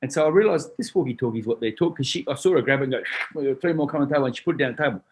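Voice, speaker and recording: An Australian man telling stories in a casual chat, animated and swearing freely, acting out the other people's voices. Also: mid-range voice, very fast, breathy edge. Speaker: guest, retired boxer. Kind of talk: casual storytelling.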